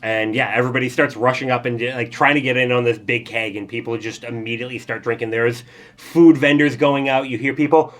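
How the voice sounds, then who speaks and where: A man narrating as game master of a tabletop game, talking loosely and filling pauses with ums and kind-ofs. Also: medium pitch, steady tone, fairly bright tone. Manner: loose, rambling narration with fillers.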